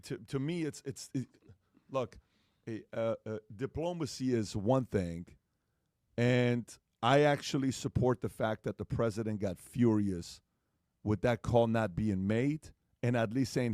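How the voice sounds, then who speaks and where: A man with a mellow, dark-toned voice argues on a podcast panel. He hammers his points with repeated questions. The sound is dry and close. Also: mid-range voice, measured pace, dry recording. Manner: emphatic, repeats questions for force. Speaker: podcast host. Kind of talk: heated podcast discussion.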